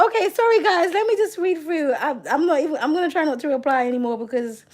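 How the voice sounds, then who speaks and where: A high-voiced young woman talks loosely to her viewers while reading their comments. She is giggly and blunt, swears freely, and breaks into loud outbursts. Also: brisk. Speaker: tarot reader hosting a live reading. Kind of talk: casual live chat reading comments.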